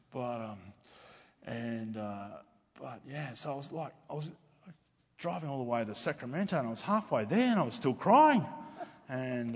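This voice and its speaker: A middle-aged man preaching a testimony sermon to a congregation, talking in a halting way with many fillers and restarts. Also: medium pitch, husky. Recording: long reverb of a hall.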